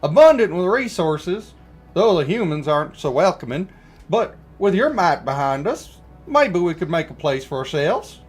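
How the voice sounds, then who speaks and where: A man putting on a Southern US drawl as a cowboy-like game character, in a slow dramatic reading of game dialogue. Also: a little high, very animated, slightly rough, faint music behind. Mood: wistful. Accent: put-on Southern US drawl.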